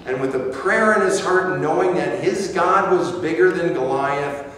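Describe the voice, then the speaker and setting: A man preaching a sermon as pastor, slow and emphatic, repeating key phrases for weight. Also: a little high, a bit bright, a little hiss or hum. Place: church sanctuary. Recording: echoey hall from far off.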